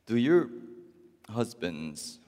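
A man preaching a sermon as pastor, talking to the congregation in a wry, conversational way with long pauses. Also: fairly low pitch, sing-song, dark tone. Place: church. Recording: long church reverb.

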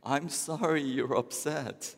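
A flustered, clueless husband , as a preacher puts him on, stammering in a raised, hesitant voice. His slow, halting words ring out under a long church reverb. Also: high-pitched, wildly swooping pitch, gravelly, pitched above the performer's own voice, exaggerated voice.

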